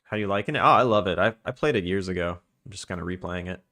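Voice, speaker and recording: A man from Long Island, New York, with a Long Island accent streams a game and chats casually with his viewers, rambling and chuckling as he talks to chat. His voice is deep, bright and forceful, and he speaks fast.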